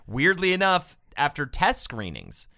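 A man's voice: on the high side, measured pace, gravelly. A man co-hosting a podcast, chatting casually with dry jokes and reading quotes aloud. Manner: lively, wry, reads quotes aloud. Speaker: podcast co-host. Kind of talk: casual comedic chat.

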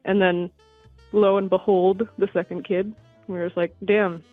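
A woman's voice: medium pitch, level tone, moderate pace, no echo, faint music behind. Young female caller on a tinny phone line, breathless, rambling, dry sound. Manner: rambling, frequent "like" fillers. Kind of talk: casual phone call.

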